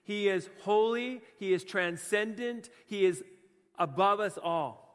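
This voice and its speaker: A Canadian pastor preaching with passion, moving between hushed, quiet stretches and emphatic, fired-up bursts. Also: male voice, high-pitched, takes it slowly, clear, resonant tone, big-room sound. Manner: impassioned, swings from hushed to emphatic. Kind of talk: sermon.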